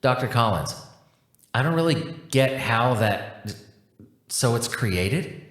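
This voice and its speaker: A polite, baffled scientist who hesitates and apologizes as he fumbles through a strange phone call, as a male narrator plays him. His voice is mid-pitched, with a roomy echo around it. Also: expressive, slow pace, fairly bright tone. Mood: unsure.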